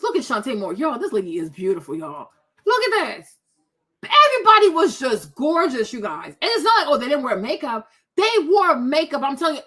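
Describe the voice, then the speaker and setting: A woman host giving casual reaction commentary on pictures, animated and exclaiming, repeating herself a lot. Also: high-pitched. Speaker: commentary vlogger.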